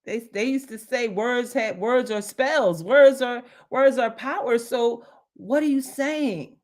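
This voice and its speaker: A woman's voice: a little high, slow, a little mellow. A middle-aged woman hosting a motivational livestream, emphatic and repeating her phrases for effect. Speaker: livestream host.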